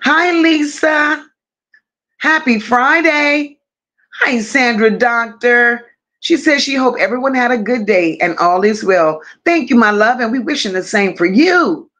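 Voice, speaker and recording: Slow, high-voiced New woman hosting. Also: animated, a bit bright. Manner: affectionate, greets viewers one by one and reads their comments aloud. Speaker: livestream host. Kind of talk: casual livestream chat.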